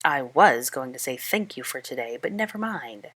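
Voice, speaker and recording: A woman reading the part of a clever young witch, speaking briskly with exasperation in an audiobook-style fan reading. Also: very deep voice, expressive, a bit bright, husky, no room sound, exaggerated voice. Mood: exasperated.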